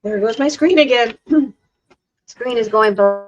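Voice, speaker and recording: On her casual craft stream, a woman with a fairly high voice talks a little slowly, rambling as she works and interrupting herself mid-sentence. The sound is lo-fi.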